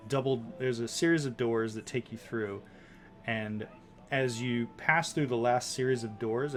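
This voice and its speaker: Man narrating a tabletop game. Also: medium pitch. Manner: descriptive, with many likes and ums. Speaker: dungeon master.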